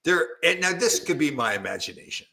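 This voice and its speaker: A man hosting a casual chat, telling stories in a halting, rambling way full of restarts and fillers. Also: fairly high pitch, sing-song, creaky, sharp tone. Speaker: podcast host.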